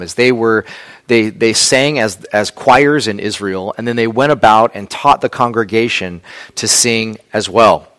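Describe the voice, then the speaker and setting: A man's voice: medium pitch, fairly bright tone, no room sound. Plainspoken male preacher, dry sound. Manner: conversational, plainspoken preaching with asides. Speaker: pastor. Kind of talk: sermon.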